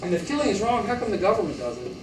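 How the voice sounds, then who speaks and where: A man's voice: sits high, very animated, very fast. A man lecturing a college class, joking and throwing rhetorical questions at the students, often acting out quotes in other voices. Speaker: college instructor. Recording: echoey room from far off, faint hiss.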